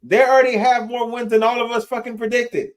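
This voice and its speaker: A man's voice: extremely high pitch, brisk. A man co-hosting a sports podcast, arguing football picks in a loose, swearing, laughing way. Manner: animated, swearing, laughs a lot. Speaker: podcast co-host. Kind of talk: casual sports debate.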